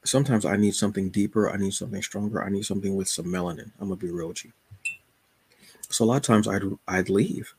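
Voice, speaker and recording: A man's voice: fairly low pitch, fairly even intonation, fast talker, slight background noise. A man hosting a podcast alone, talking about his reading list in a casual, joking, colloquial way. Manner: laid-back, joking, colloquial. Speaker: podcast host. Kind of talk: casual solo chat.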